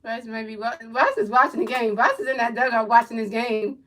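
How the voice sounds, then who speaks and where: A woman streamer giving casual, repetitive pitch-by-pitch baseball commentary that breaks into frustrated rants. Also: fairly quick, fairly bright tone, rough recording. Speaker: livestream commentator.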